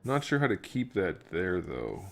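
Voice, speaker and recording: A man's voice: deep voice, very animated, unhurried, gravelly, fairly bright tone, faint music behind. A man streaming his work on a toy figure, thinking aloud in casual chat and making joking asides to viewers. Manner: muttering to himself, thinking aloud. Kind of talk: casual live-stream chat while working.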